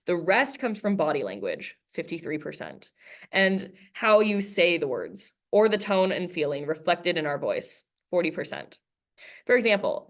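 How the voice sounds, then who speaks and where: A woman teacher giving a recorded class lesson, chatting with students and reading a book aloud, acting out the quoted dialogue. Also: on the low side. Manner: conversational, acts out quoted dialogue while reading.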